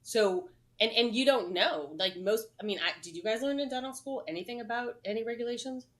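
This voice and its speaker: A woman's voice: fairly high pitch, brisk, poor audio. A middle-aged woman, a dental compliance consultant, chatting casually on a podcast, with lots of "like" and "right?" fillers. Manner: animated, many "like" and "right?" fillers.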